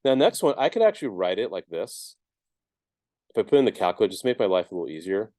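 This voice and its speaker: A man's voice: on the low side, very animated, fast, mellow, no echo. A man teaching a math class, explaining each step casually with lots of ums and checks of "right?". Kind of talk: classroom lecture.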